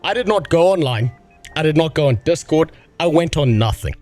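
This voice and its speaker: A man's voice: on the high side, brisk, soft background music. A sick, medicated man from Africa, rambling and swearing through casual livestream chat as the host. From South Africa. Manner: profane, excitable, rambling. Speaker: streamer.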